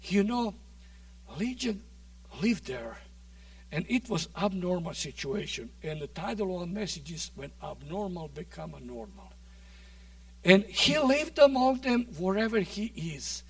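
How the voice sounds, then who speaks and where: A man preaching a sermon in a dramatic way, swinging from loud shouts to near-whispers, recorded dry from a distant mic. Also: sits high, lively intonation, measured pace, no echo.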